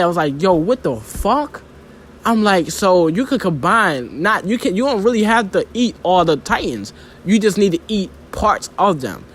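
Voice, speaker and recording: A man's voice: fairly high pitch, a little hiss or hum. A young man giving a casual, rambling and profane manga review, full of filler phrases.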